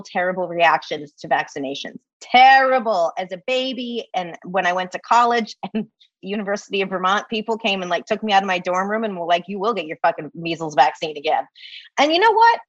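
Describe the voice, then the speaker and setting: A woman's voice: medium pitch, a bit bright, no echo, muffled recording. A woman co-hosting a podcast, talking casually in a heated, profane rant. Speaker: podcast co-host. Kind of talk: casual chat.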